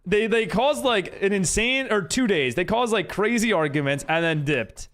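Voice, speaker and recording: A young man streams a game live, chatting freely and reading viewers' messages aloud as he reacts to them. His voice sits high and sounds a bit bright, with lively intonation and a moderate pace.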